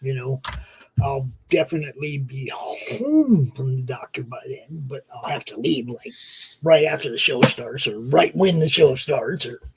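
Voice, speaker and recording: A man's voice: mid-range voice, lively intonation, a little slow, poor audio. A man co-hosting a casual livestream chat, rambling and offhand and swearing casually as he looks over new comics. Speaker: co-host.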